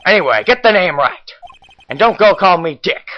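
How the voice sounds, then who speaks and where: A man plays a gruff, bossy police detective from an old-school crime caper, talking in gangster slang. The voice sits a little high, bright and lively. It sounds dull and lo-fi, with faint game music under it. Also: moderate pace. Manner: old-timey gangster talk, tacks on "pal" and "see?". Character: gruff tough-guy male police detective.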